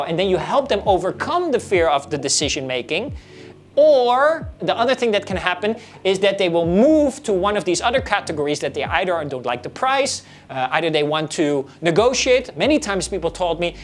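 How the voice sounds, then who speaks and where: A woman's voice: on the low side, normal speed, faint music behind. A woman teaching real estate sales, acting out short client conversations as she explains. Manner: lively, coaching, acts out both sides of sales conversations. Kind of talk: instructional talk with role-played client dialogue.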